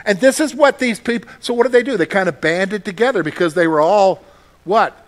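Man pastor with a high voice, casual conversational sermon, asks the room questions. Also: fairly quick.

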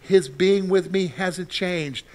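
A man preaching a sermon as pastor, acting out frantic prayers and then dropping to soft, reassuring words. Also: sits high, takes it slowly.

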